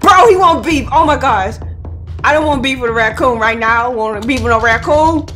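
A young woman giving playful, slangy let's-play commentary, excitable and reading game dialogue aloud. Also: high-pitched, a little fast, soft background music. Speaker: gaming streamer.

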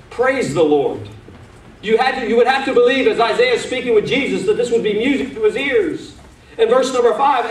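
High-pitched preaching pastor in an echoey church. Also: male voice. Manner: fervent preaching, calls out to the church. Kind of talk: sermon. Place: church sanctuary. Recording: echoey church room, mic at a distance.

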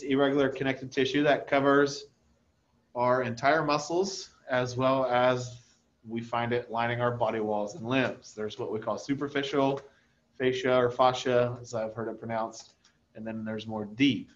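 A man's voice: medium pitch, muffled recording. Casual man lecturing over slides. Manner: conversational, frequent "okay?" checks. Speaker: anatomy instructor.

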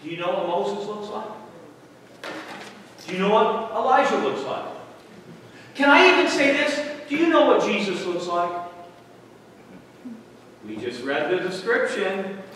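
Guy pastor preaching, high bright voice, quizzing the church, recorded on the camera from way back in a big echoey room. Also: sing-song, measured pace, long pauses. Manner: asks the congregation questions, dramatizes the story. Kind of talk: sermon. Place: church hall. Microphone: camera microphone. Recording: echoey hall from far off, faint noise.

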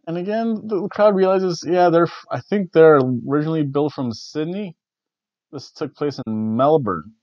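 A man with a fairly high-pitched, darkish voice hosts a casual spoken wrestling review, rambling and correcting himself with the odd chuckle. The audio is dry with no echo, slightly dull and lo-fi.

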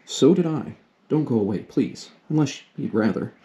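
A man voicing a lively, frank teenage girl, eager and a little awkward, as he reads a storybook aloud. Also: medium pitch, normal speed, lightly acted. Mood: friendly.

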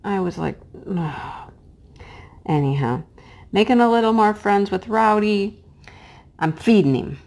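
A middle-aged woman chatting casually while she crafts, her voice hoarse and cracking, sometimes dropping to a hush as she works. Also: medium pitch, animated, moderate pace. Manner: chatty and homey, drops to a hush while placing pieces. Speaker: crafting vlogger and teacher. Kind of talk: casual chat while diamond painting.

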